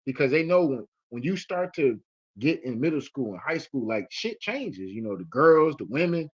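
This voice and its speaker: A man's voice: mid-range voice, very animated, moderate pace, slightly rough. A man hosting casual commentary, telling a story in a profane, rambling way full of fillers. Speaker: host. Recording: muffled lo-fi audio.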